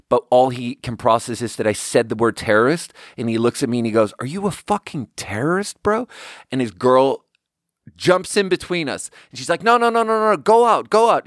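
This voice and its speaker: A man's voice: mid-range voice, no room sound, studio quality. A man casually telling a story as a podcast host, acting out the dialogue and rambling with lots of fillers. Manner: animated, acts out quoted dialogue. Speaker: podcast host and bar manager.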